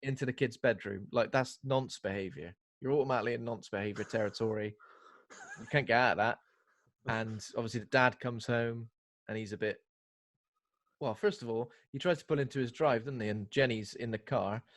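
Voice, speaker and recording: A man's voice: mid-range voice, fairly quick, dry recording. A man co-hosting a podcast, chatting casually about a film and acting out lines of dialogue as he tells stories. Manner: lively storyteller, acts out quotes. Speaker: podcast co-host.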